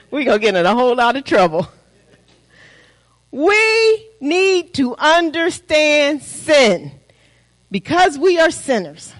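High-voiced woman preaching a sermon. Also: poor audio. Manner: call-and-response preaching, rhetorical questions.

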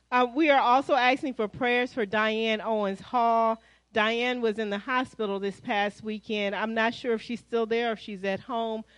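American woman pastor, higher voice, dry close sound, chatty announcements to the congregation. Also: no room sound, rough recording. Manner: lively, chatty, addresses congregation as y'all. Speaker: pastor giving church announcements. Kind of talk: church announcements. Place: church sanctuary.

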